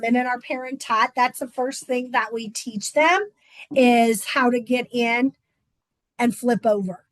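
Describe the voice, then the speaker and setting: Woman swim teacher chatting away, lots of ums, fairly high voice, dry close sound. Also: dry recording, rough recording. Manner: chatty, with frequent "um" fillers. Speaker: swim instructor. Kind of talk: casual informational talk.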